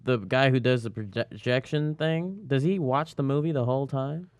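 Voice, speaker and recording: A man's voice: medium pitch, normal speed, no echo. A young man co-hosting a podcast, chatting casually, teasing and cutting in with jokes. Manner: joking, teasing, interrupting. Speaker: podcast co-host. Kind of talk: casual chat. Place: podcast studio.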